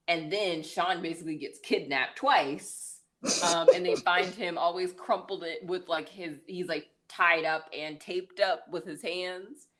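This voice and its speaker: A woman with a low voice talks through a movie's plot in a loose, casual podcast recap. She fills her sentences with "like" and "um" and laughs now and then. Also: steady tone, a little slow, a bit bright. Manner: chatty, full of "like" and "um". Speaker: podcast co-host.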